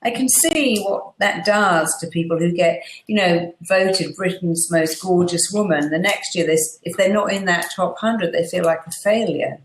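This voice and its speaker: Animated woman in an echoey room. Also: lowish voice, normal speed, hardly any pauses. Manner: animated storyteller, acts out quotes. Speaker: guest therapist. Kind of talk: casual interview chat.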